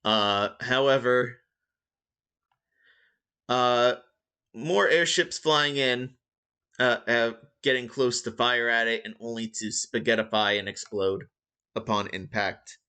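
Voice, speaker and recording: A man's voice: mid-range voice, steady tone, takes it slowly, long pauses, sharp tone, clear, resonant tone. A man running a tabletop game as dungeon master, rambling and joking with lots of fillers. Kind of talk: casual game-master narration.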